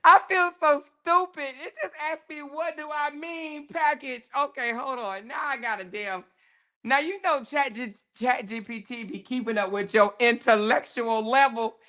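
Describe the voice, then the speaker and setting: A woman hosting a casual livestream, reading chat comments aloud and reacting with frequent laughter and animated, slangy talk. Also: high-pitched, moderate pace. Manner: animated, laughs often, African American Vernacular English.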